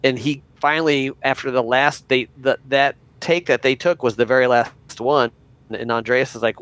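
A man's voice: mid-range voice, fairly even intonation, moderate pace, fairly bright tone. Man retelling behind-the-scenes stories. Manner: retells stories with restarts and quotes. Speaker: podcast co-host. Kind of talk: casual chat.

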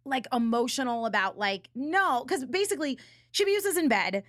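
A woman's voice: sits high, lively intonation, moderate pace, a bit bright, no echo, studio quality. Chatty woman recapping a cartoon. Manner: chatty, recapping with hesitant fillers. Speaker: podcast co-host. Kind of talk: casual chat.

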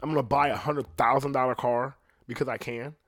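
A man's voice: mid-range voice, steady tone, brisk, a bit bright, no echo, clean studio sound. A young man hosting a podcast, talking in a casual, profane, rambling way and laughing at himself now and then. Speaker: podcast host.

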